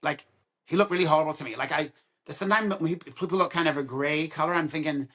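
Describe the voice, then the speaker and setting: A man's voice: a little high, fast talker. A man of around sixty, a dentist and podcast guest, telling stories in casual conversation and acting out both sides of quoted dialogue. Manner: animated storyteller who acts out both sides of quoted dialogue.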